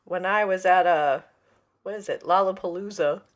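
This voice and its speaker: A woman's voice: fairly low pitch, moderate pace, muffled recording. A woman in her forties, co-hosting a podcast, telling anecdotes in casual chat and acting out the voices of the people in them. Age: 40s. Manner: anecdotal storyteller, acts out quoted voices. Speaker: podcast co-host.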